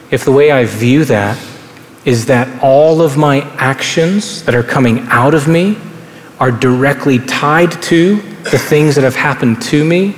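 A young adult man and pastor preaching a sermon on stage in an earnest, conversational way, often repeating words for stress. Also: medium pitch. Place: large hall with stage. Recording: roomy reverberant hall, faint ambience.

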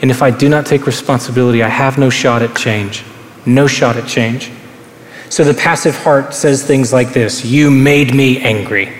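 A young adult pastor preaches on stage in a large hall, earnest and conversational, often repeating words for stress. His medium-pitched voice is fairly even at normal speed, and the reverberant recording has faint ambience plus slight hiss or hum.

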